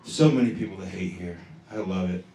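A man's voice: low voice, a little fast, mellow. A young man doing a stand-up set, loose and profane, riffing with the crowd. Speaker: stand-up comedian. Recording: echoey room recorded from afar.

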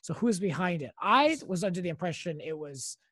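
Male podcast co-host, slightly high voice, rambling questions, dry close mic. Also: expressive, a little fast, fairly bright tone, no room sound. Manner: musing, full of "like" and trailing questions. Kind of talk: casual chat.

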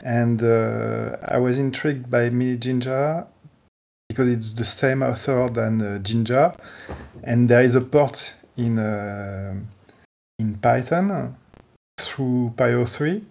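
A man in a casual online tech call, talking haltingly with many restarts. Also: mid-range voice, creaky, a little mellow. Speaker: community contributor.

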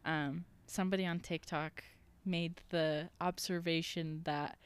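Low-voiced young woman, smooth chatty tone. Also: fairly even intonation. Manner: chatty, quick reactions, gasps and laughs. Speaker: podcast co-host. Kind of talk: casual chat.

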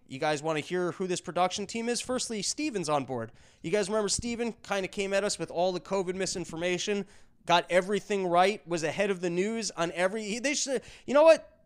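A man's voice: sits high, smooth. A man hosting a podcast, talking in a rambling monologue full of sarcastic jokes. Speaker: podcast host.

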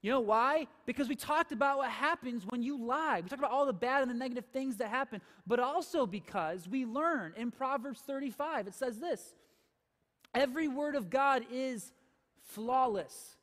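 A man's voice: very high-pitched, normal speed, a bit bright. A man preaching a sermon as pastor, emphatic and asking the congregation questions. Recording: long hall reverb.

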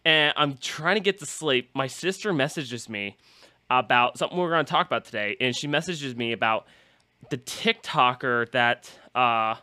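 A man's voice: mid-range voice, normal speed, bright, forceful tone, smooth, dry recording. A man hosting a podcast, rambling through a story about his busy day and acting out the quotes. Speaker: podcast host. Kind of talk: casual podcast chat.

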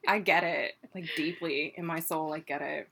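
A woman's voice: low-pitched, fairly even intonation, moderate pace, creaky, pushed and bright, husky. A young woman co-hosting a casual chat, blunt and profane, with dramatic reactions. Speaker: podcast co-host.

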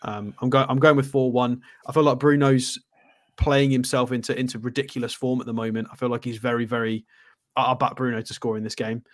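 A man's voice: mid-range voice, little pitch movement, a little fast. Chirpy, joking male co-host. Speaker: podcast co-host. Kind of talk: casual chat.

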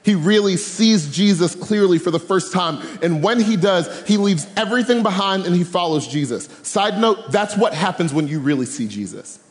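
High-voiced preacher in a reverberant hall. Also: male voice, normal speed, hardly any pauses. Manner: animated, humorous, slangy storytelling. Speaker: camp speaker. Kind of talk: youth sermon. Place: large room with live audience.

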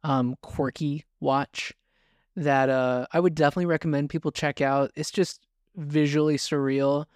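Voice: medium pitch, steady tone, normal speed, a little mellow, no echo, clean studio sound. A film podcast co-host chatting casually and relaxedly, using fillers like "yeah, no".

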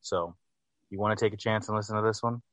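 Low-ish guy picking a song apart, keeps restarting sentences, dry room. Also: fairly even intonation, fast talker, a bit bright, no echo. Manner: hesitant, self-correcting, critical. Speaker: album review co-host. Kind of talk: casual review chat.

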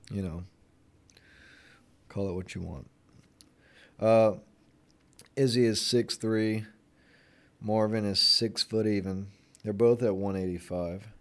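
A young man with a lowish voice chats to camera in a loose, rambling way, and his talk is packed with fillers. He is sarcastic and cutting when something annoys him, then drifts back to easy small talk. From Florida, United States. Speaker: vlogger. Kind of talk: casual chat.

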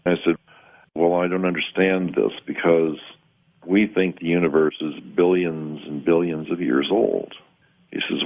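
A man calmly recounting a strange personal experience in plain, measured words, sometimes pausing to find the right term. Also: deep voice. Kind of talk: first-person spoken recollection. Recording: tinny phone-like line.

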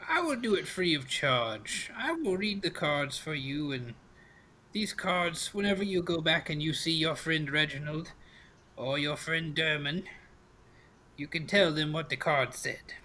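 A man voicing a hunched old woman fortune teller with a crackling voice, slow and knowing. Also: sits low, expressive, sharp tone, heavily acted. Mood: sly.

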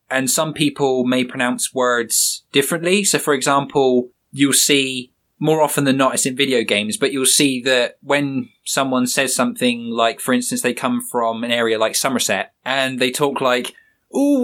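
A man's voice: medium pitch, a bit bright. A man hosting a podcast, giving a loose, rambling talk on writing with many "sort of"s. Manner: chatty, rambling, hedges with "sort of". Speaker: podcast host and author. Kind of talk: informal talk on creative writing.

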